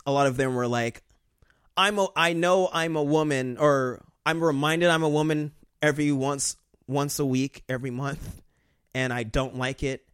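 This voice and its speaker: A man's voice: mid-range voice, smooth, no echo, studio quality. A man rambling crudely in casual podcast chat, acting out voices in his stories.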